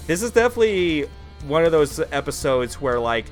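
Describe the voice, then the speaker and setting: A man's voice: a little high, very animated, brisk. A man hosting a let's play, chatting casually in a rambling way, with lots of filler words and frequent laughs. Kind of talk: casual gameplay commentary. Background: game music.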